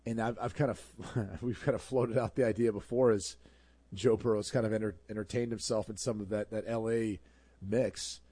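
Mellow-voiced analytical sports talk host. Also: male voice, lowish voice, fairly even intonation, normal speed, breathy edge, no echo. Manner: confident, analytical opinions.

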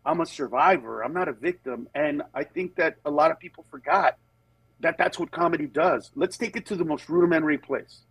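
A man, a comedian guest, telling stories in casual chat, animated and acting out other people in high voices, then turning earnest. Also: a little fast, slightly rough, dry recording, low-quality recording. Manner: turns earnest and reflective. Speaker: comedian guest on a talk show.

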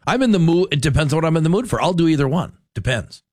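A male radio talk show host with a slightly high, very lively voice. He rambles through casual opinions, often stopping and restarting his sentences. His studio mic sounds close and dry. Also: fast, dry recording. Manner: rambling, self-interrupting, animated opinions. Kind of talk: casual on-air chat. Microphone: studio microphone.

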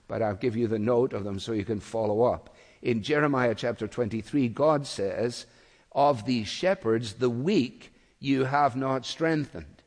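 A man preaching an expository sermon in a measured, explanatory way, with occasional fillers. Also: medium pitch, darkish tone, in a large hall. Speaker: pastor.

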